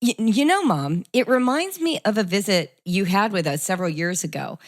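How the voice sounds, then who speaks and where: Middle-aged woman host: animated, conversational storyteller, mid pitch, dry close sound. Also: normal speed, dry recording. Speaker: podcast host. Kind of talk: conversational interview.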